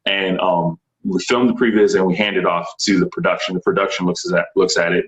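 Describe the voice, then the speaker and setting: A young man from Texas telling stories in a casual interview, animated and enthusiastic, acting out what other people said. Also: sits low, reverberant, low-quality recording. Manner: animated, enthusiastic, frequent laughs and quoted voices. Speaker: stunt performer, interview guest.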